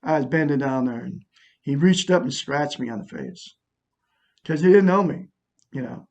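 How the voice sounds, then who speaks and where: A man's voice: on the high side, lively intonation, normal speed, darkish tone, muffled recording. A middle-aged man telling a long personal story in a rambling, aggrieved way, with many restarts. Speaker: vlogger. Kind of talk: casual personal monologue.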